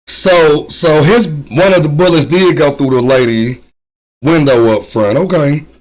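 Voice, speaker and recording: A man hosting a reaction video, commenting thoughtfully with frequent pauses and ums. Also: a little high, poor audio. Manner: thoughtful, hesitant, many ums. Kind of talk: casual commentary.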